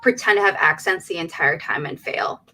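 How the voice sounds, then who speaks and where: A woman's voice: on the low side, normal speed, a loud crowd. A woman co-hosting a podcast in casual chat, talking in a loose, laughing way and swearing casually. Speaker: podcast co-host.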